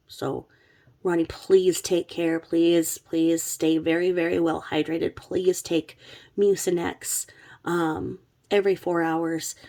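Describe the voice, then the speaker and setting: A woman's voice: lowish voice, dark tone. A woman who is sick with covid, talking in a chatty, blunt, rambling way and swearing freely. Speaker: true crime commentary host. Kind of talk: casual rambling commentary.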